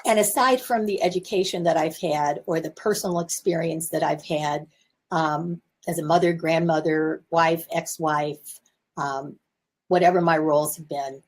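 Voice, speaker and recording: Husky woman in her seventies, coaching. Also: sits low, fairly even intonation, normal speed. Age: 70s. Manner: warm self-reflective coaching, candid asides. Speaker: therapist and communication teacher. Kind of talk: casual talk to camera. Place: her office.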